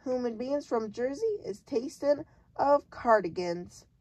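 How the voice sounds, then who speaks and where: Lady putting on a kindly mixed-up giant guy, loud and insistent, jumbled grammar, slow reading. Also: lively intonation. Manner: jumbled grammar, booming and emphatic. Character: big friendly male giant, muddled, kindly.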